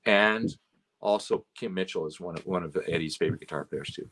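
In a casual chat, a Canadian guest who's a road and stage manager tells rambling stories loaded with "you know" and "right?". His low-pitched, husky voice has a fairly bright tone and a slightly fast pace.

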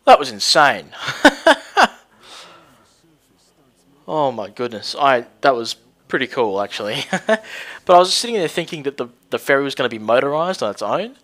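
A young man giving casual, excitable let's-play commentary, thinking aloud and swearing at the game. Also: mid-range voice, moderate pace.

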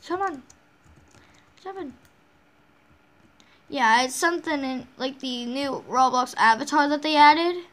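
A woman's voice: high voice, takes it slowly, pauses often, a bit bright. A woman hosting a casual game walkthrough, rambling along with frequent restarts and self-corrections. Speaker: game channel host.

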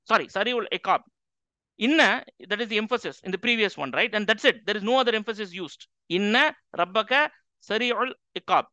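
A man's voice: high-pitched, quick pace, sharp tone, no echo. A man teaching a Quran class to an audience, emphatic and full of rhetorical questions. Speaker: Islamic teacher. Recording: slightly dull lo-fi recording.

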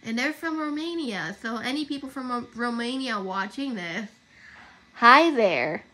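A woman's voice: fairly high pitch, animated, unhurried, sharp tone. A young woman chatting casually on her livestream, rambling and correcting herself as she goes. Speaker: livestream host.

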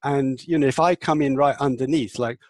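An earnest man explains his approach as an interview guest, often breaking into lively acted-out replies and repeating "yeah". His voice sits at an ordinary pitch. It is recorded dry and close, with little room sound. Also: a little fast, no room sound. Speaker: guest, empathy and communication teacher. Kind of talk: conversational interview talk.

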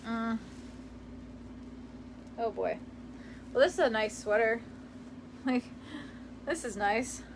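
A woman's voice: on the high side, slow, gravelly, long pauses, slight background noise. A young woman from the United States chatting casually with her viewers, rambling and giggling as she sorts through old clothes in her parents' house. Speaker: vlogger. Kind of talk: casual chat reading live comments.

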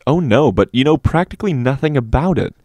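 A man's voice: animated, a little fast, darkish tone, no echo, lightly acted. A man voicing a frightened young schoolboy who pleads and stammers. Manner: pleading, stammering, high-strung.

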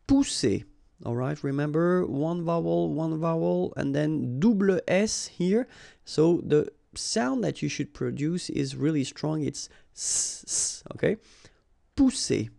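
A man's voice: on the high side, a little slow, creaky, warm tone, dry recording, clean studio sound. A man with a French accent, a native French speaker, teaching vocabulary and patiently drilling pronunciation, checking in with the learner after each word.

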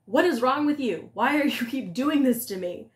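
A woman voicing a hot-tempered male devil who demands answers gruffly, in a storybook telling. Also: medium pitch, lively intonation, measured pace, natural voice. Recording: echoey room.

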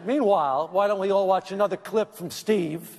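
Brief: high-voiced, whiny male comedian roasting a friend at an awards tribute, echoing theater, laughing crowd. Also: moderate pace, very noisy. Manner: whiny, kvetching, mock-apologetic. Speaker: comedian giving a tribute speech. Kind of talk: comic roast speech. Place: large theater at an awards event. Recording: reverberant theater hall with audience. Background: audience laughter.

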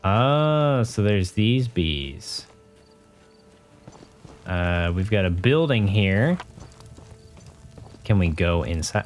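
Man, let's play host, casual gameplay chatter, self-mocking, mutters reactions, mid-pitched voice. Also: sing-song, extremely slow, pauses often.

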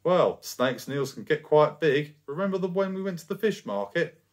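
A man's voice: on the high side, very animated, moderate pace, voice pushed up. A chatty middle-aged mother who bulldozes every conversation, as a male storyteller puts her on. The voice climbs well above his usual register and swoops around as she bustles along. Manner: chatty, talks over others.

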